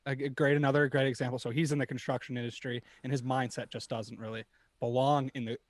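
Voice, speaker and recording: A man's voice: mid-range voice, level tone, quick pace, slight background noise. A young man co-hosting a podcast, talking in a laid-back, casual way. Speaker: podcast co-host. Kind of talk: casual chat.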